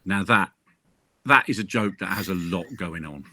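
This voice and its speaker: A man's voice: low-pitched, normal speed, a crowd in the background. A man, a crime novelist, chatting casually on a video call, jokey and full of anecdotes. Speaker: crime novelist discussing his book.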